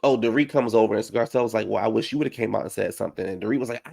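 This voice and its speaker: A man with a gravelly, fry-tinged voice chats through a reality show recap. He is sassy and dramatic, full of slang, and keeps jumping into high, mocking put-on voices when he quotes people. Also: very fast, hardly any pauses, a little mellow. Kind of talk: casual recap chat.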